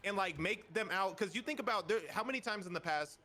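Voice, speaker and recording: A man with a somewhat high, bright voice tells stories to friends in a loose chat. His pitch leaps around as he gets worked up, and he swears in nearly every sentence. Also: fast, slight background noise. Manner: excited storytelling, heavy swearing. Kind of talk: casual group chat.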